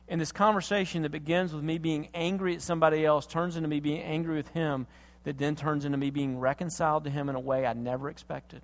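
Pastor preaching, high-pitched man, impassioned with hushed turns, long hall echo. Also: fairly even intonation, quick pace. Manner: impassioned, swings from loud emphasis to hushed tenderness. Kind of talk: sermon.

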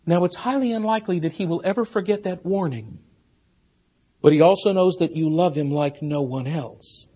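A man preaching an expository sermon as a pastor, earnest, rising to emphatic peaks and then dropping soft. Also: on the high side, moderate pace, slightly rough.

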